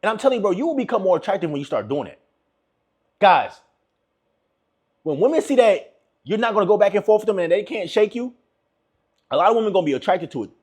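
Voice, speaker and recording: A man's voice: high-pitched, very animated, fast talker, pauses often, a little mellow, breathy edge. A young man giving relationship advice to viewers in a casual, emphatic monologue, repeating his points and calling listeners bro.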